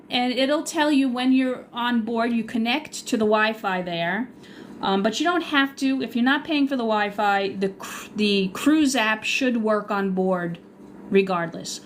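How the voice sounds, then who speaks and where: Long island lady livestreaming cruise q&a, chatty and a bit scattered, slightly high voice, faint hiss behind. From Long Island, New York. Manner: chatty, loses her train of thought. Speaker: travel agent and cruise livestreamer. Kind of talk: casual livestream Q&A.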